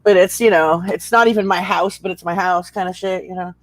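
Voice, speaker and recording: A woman's voice: fairly low pitch, steady tone, a little fast, poor audio. A woman on a casual panel chat, laid-back and swearing offhandedly.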